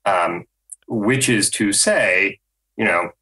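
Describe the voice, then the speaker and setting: A man on a podcast panel, an automotive journalist explaining news in a measured way with frequent ums. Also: fairly low pitch, pushed and bright, low-quality recording.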